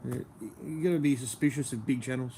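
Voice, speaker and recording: A man's voice: medium pitch, fairly even intonation, fast, warm tone, a little hiss or hum. An Australian man chatting casually on a livestream, laid-back and chatty, often laughing as he answers viewers.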